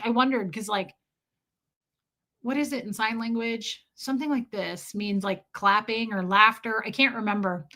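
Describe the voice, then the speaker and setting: A woman's voice: fairly high pitch, normal speed, bright, forceful tone. A woman chatting casually with viewers on a live stream, laughing often and greeting people by name.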